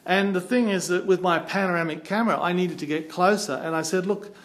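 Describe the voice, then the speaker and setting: A man from Australia with an Australian accent, telling a travel story in a chatty, animated way. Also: high-pitched, brisk. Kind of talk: casual anecdote.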